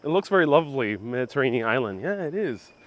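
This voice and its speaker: A man's voice: medium pitch, big pitch swings, fast talker, fairly bright tone. A man whose first language is Spanish hosts a live walking tour outdoors and reads viewer comments aloud in a casual, self-correcting way. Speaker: travel vlog host. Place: outdoors in old town streets. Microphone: phone on gimbal with clip-on mic.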